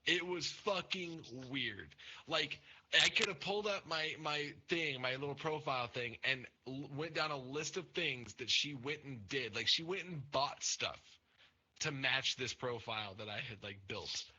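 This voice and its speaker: Bright-voiced blunt man telling stories. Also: mid-range voice, unhurried. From Nebraska. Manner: crude, blunt, rambling with many fillers. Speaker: podcast co-host. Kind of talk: casual storytelling chat. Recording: dull lo-fi sound with faint noise.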